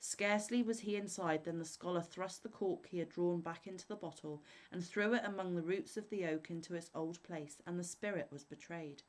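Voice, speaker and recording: A woman reading fairy tales aloud in a steady, measured way. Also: fairly low pitch, poor audio. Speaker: storyteller.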